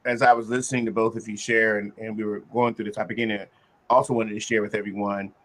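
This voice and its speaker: A man hosting a casual group discussion, talking earnestly about self-reflection and turning animated when he acts out examples. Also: on the low side, quick pace. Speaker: host.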